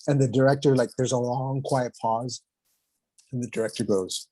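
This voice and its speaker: Husky-voiced excitable man podcasting. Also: medium pitch, moderate pace, no echo. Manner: excitable storyteller, slangy. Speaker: podcast host. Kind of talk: casual chat.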